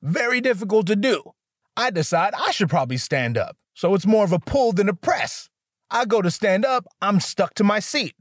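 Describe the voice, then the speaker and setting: A young man doing stand-up storytelling, animated and profane, jumping into voices for the people he quotes. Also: high-pitched, moderate pace, no room sound, clean studio sound. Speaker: stand-up comedian.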